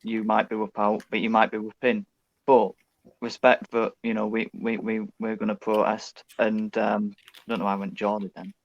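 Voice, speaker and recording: A man with a low, flat voice makes an impassioned case in a casual football fan chat, often stumbling and repeating his words. The sound is dull and lo-fi with a very dry mic. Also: moderate pace, gravelly, dry recording. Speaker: fan guest.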